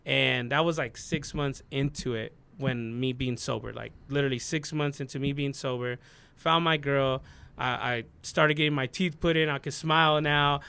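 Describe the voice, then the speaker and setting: A man's voice: medium pitch, fairly even intonation, normal speed, gravelly, pushed and bright, clean tone. A man in his thirties, a DJ guest on a podcast, telling his story in an earnest, rambling way full of "like" and "you know what I mean.". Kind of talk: casual storytelling interview.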